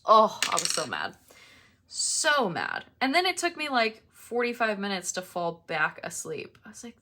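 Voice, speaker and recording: Young woman planner vlogger, bright and lively, unhurried, chatty with ranting asides. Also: medium pitch. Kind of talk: casual chat while crafting. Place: apartment.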